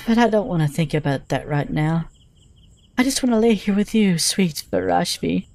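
Give me a passionate young female wolf creature, as a male narrator puts her on, breathy and pleading, recorded dry. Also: high voice, expressive, normal speed, a little mellow, dry recording, pitched above the performer's own voice. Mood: tender.

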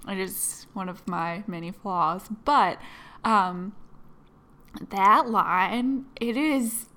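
A woman co-hosting a podcast in casual chat, unhurried and quick to laugh. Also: mid-range voice, sharp tone. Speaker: podcast co-host.

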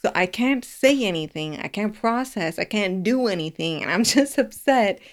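A woman co-hosting a casual chat, talking things through out loud and laughing often. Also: mid-range voice, moderate pace. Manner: expressive and laughing, talks things through aloud. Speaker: podcast co-host.

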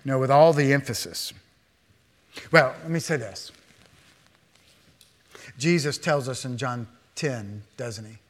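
A man preaching a sermon as a pastor, animated, with rhetorical questions to the congregation and quick asides acting out imagined speakers. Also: medium pitch. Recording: long hall reverb.

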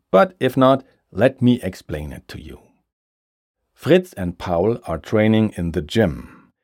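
Deep slow-spoken male language teacher. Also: a little mellow, no room sound, studio quality. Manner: slow, clear explanation with German examples. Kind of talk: scripted grammar lesson.

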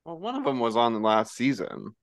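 A man's voice: mid-range voice, big pitch swings, fairly quick, no room sound. A man chatting as a guest on a podcast, hesitant and understated with a dry humor. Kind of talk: casual chat.

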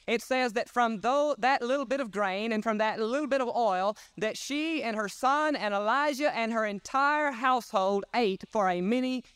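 A man's voice: very high-pitched, moderate pace, hardly any pauses, a bit bright, clear, resonant tone, no echo. A man preaching a sermon at a church service, emphatic and folksy as he retells Bible stories. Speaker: pastor.

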